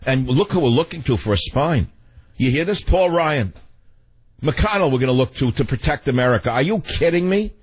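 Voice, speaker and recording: A husky-voiced male talk radio host on a fast, heated rant. He stumbles over his words as he gets worked up and keeps firing questions at his listeners. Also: medium pitch, animated, poor audio. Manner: fast, emotional ranting that runs over its words. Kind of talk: political talk radio monologue.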